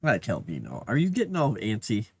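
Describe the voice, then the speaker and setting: A man's voice: lowish voice, huge pitch swings, a little fast, darkish tone, breathy edge. A man rambling casually on a livestream, chatting to his cat between thoughts.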